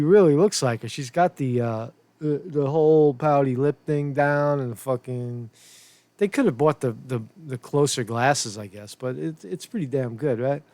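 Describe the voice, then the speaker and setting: A man's voice: fairly high pitch, warm tone, no room sound. A man hosting a political commentary show, loose and profane, rambling with frequent restarts. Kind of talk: casual commentary.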